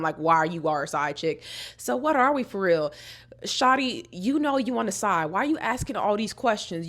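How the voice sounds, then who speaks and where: A woman's voice: medium pitch, a bit bright. A woman recapping an anime episode in a casual, slangy vlog, sassy and roasting the characters as she goes.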